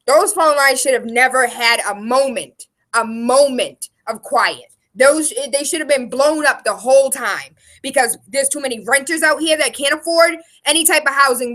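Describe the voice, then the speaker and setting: A young woman with a high, bright, piercing voice rants fiercely to camera. She is emphatic, profane and openly emotional, pressing each point as a local activist. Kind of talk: impassioned direct-to-camera rant.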